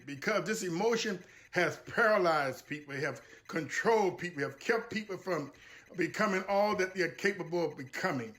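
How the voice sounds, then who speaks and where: A man delivers a motivational talk. He speaks in a preacherly, emphatic way, circling back to key phrases and slowing down to stress them. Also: high voice, a bit bright. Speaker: guest speaker.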